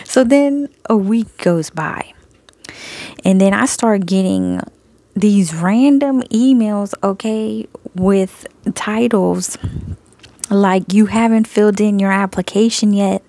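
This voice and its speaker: A woman with a gravelly, fry-laden voice tells her story in a casual testimony. She laughs often and acts out both sides of each conversation. The sound is dry and close, recorded on a phone. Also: mid-range voice, expressive, takes it slowly, dark tone, no room sound. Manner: frequent laughter. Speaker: Christian video creator sharing messages.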